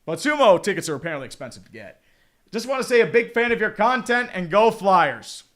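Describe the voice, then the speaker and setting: A young man giving casual hockey play-by-play, reading chat messages in between with excitable, profane, rambling asides. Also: sits high, a little fast. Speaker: streamer doing play-by-play.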